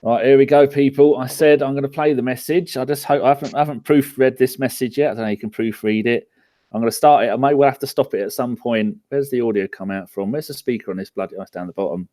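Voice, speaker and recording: A man's voice: medium pitch, fast, dark tone, no echo. A man hosting a football podcast, joking and teasing as he puts questions to the others. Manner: jokey, teasing, question-asking. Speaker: podcast host. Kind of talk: casual chat.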